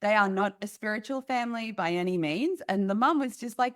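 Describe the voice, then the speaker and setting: Woman podcast host, lively storyteller, mid pitch. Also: a little fast, few pauses. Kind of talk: podcast conversation.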